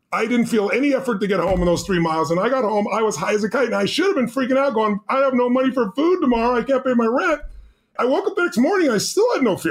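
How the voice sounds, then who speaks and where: A middle-aged man tells a personal story as a podcast guest, his voice rising and then dropping low. He talks quickly and in a fairly high register for a man. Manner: intense storyteller, swings between loud and hushed. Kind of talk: telling a personal story in an interview.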